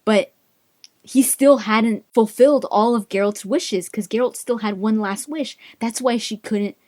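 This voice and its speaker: A woman's voice: fairly high pitch, unhurried. A woman casually retelling a fantasy book, mixing chatty summary with read passages and acting out the characters' lines. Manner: animated, acts out characters' lines. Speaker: book recap vlogger.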